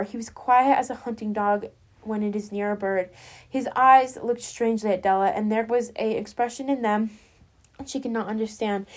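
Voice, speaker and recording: A woman reading a classic story aloud as a storyteller, gently addressing her listeners as friends. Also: fairly high pitch.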